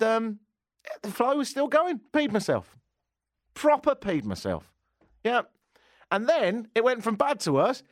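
Recorded in studio quality with no echo, a man from England with a mid-range voice hosts a talk show. He's a chatty storyteller, sharing a self-mocking anecdote in a casual way.

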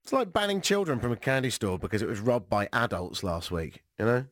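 A British man hosting a talk radio show, sarcastic and animated, jet-lagged. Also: mid-range voice, brisk, no echo, studio quality. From Britain. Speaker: radio host.

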